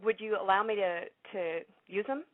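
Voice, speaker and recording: A woman's voice: mid-range voice, normal speed. A woman guest on a casual political talk show, eager and keen to share quotes from friends. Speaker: guest commentator. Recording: tinny phone-like line.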